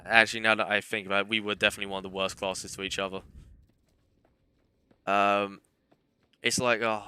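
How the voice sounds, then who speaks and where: A man's voice: on the low side, little pitch movement, brisk, bright, forceful tone, smooth. A young man streaming a game, rambling through casual anecdotes with self-deprecating humour. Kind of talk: casual gameplay commentary and storytelling.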